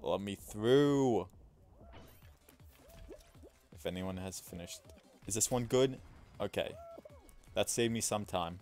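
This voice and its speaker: Streaming his gameplay, a young man keeps up a casual, self-mocking chatter, laughing at himself and veering between mumbled asides and loud outbursts. His voice is lowish and slow, with long pauses, and soft music plays in the background.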